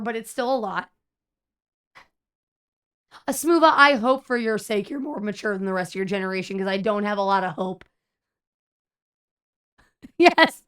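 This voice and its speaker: A young adult woman streamer telling a story in casual chat, animated and exasperated, acting out the people she quotes. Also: fairly high pitch, clear, resonant tone.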